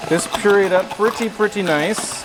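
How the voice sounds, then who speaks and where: Streamer-chef: a man with a slightly high voice, jokey and chatty, music playing behind him. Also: normal speed. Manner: joking, chatty, talks to himself while cooking. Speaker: livestream cooking host. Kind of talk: casual livestream chat. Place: home kitchen.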